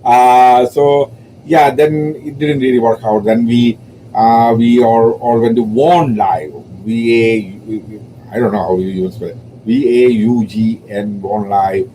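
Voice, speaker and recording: A man speaking English with a foreign accent, hosting his own livestream. He rambles through stories and fills them with "you know." His voice sits at an ordinary middle pitch, with a faint hiss of background noise. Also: steady tone, measured pace, warm tone, low-quality recording. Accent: non-native English accent. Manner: rambling, heavy use of "you know", frequent laughter. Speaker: livestream host and poet. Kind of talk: casual livestream storytelling.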